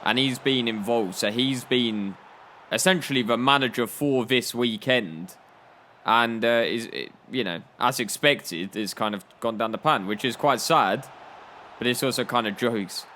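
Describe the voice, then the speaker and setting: A man's voice: medium pitch, a little slow, pushed and bright, a little hiss or hum. A young man telling playful, joking stories while commenting on a football video game. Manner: playful storytelling, laughing at his own jokes. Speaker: gaming YouTuber.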